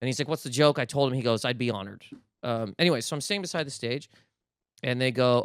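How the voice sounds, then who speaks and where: A man's voice: mid-range voice, animated, fast talker, clean tone, no echo, clean studio sound. A young man from Nova Scotia, a guest comedian telling a story in casual podcast talk, acting out quotes and swearing freely. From Canada, Nova Scotia.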